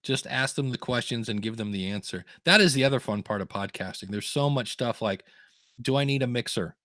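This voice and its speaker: A man's voice: mid-range voice, animated, a little fast, fairly bright tone, no echo, clean studio sound. Chatty man hosting a podcast. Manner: rambling storyteller, acts out quotes in funny voices. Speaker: podcast host. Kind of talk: casual podcast chat.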